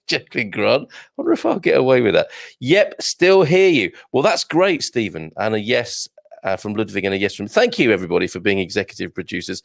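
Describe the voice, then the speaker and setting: A chatty man hosts a casual live stream from home, reading out viewer comments with self-deprecating humour. His voice has a gravelly, creaky edge, and the sound is dry and close. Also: lowish voice, no room sound. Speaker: livestream host. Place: home with builders working on the roof.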